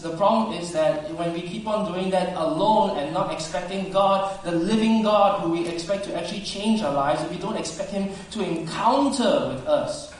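A man preaching a sermon earnestly, swinging between loud emphasis and soft, hushed asides. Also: high-pitched. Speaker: pastor. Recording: very echoey hall, speaker far from mic.

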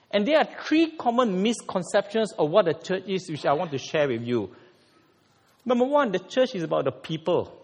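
A man preaching a sermon in an animated way, with sudden emphatic rises. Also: a little high, breathy edge, big-room sound. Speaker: pastor.

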